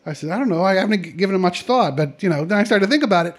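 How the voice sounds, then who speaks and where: A middle-aged man tells a personal story in a fairly high voice. He keeps it conversational and lively and slips into the voices of the people he quotes. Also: fast talker.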